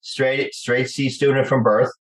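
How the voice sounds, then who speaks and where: Animated New Jersey man telling stories. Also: medium pitch, measured pace, rough recording. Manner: animated storyteller acting out quoted voices. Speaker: guest actor. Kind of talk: storytelling interview chat.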